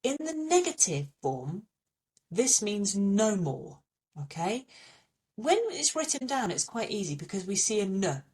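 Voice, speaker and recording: A woman's voice: medium pitch, sing-song, unhurried, darkish tone, recorded from a distance. Patient woman teaching French pronunciation. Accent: English. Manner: patient, explains with repeated memory tips. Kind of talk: video pronunciation lesson.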